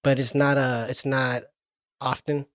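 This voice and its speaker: A man co-hosting a podcast, talking about a movie in a relaxed, rambling and profane way. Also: mid-range voice, a little slow, no room sound, studio quality. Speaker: podcast co-host. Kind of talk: casual movie chat.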